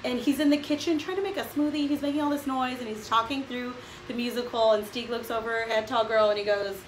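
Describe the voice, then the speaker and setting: A woman's voice: fairly high pitch, fairly even intonation, fast. A woman hosting a casual podcast chat, recapping a plot in a dry, wry way. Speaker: podcast host. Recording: echoey room with background noise.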